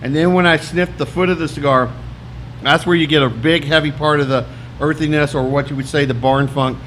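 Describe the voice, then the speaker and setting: A man's voice: fairly high pitch, steady tone, brisk, a bit bright, slight background noise. A man co-hosting a casual podcast chat, jokey and talkative, giving detailed tasting notes. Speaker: podcast co-host.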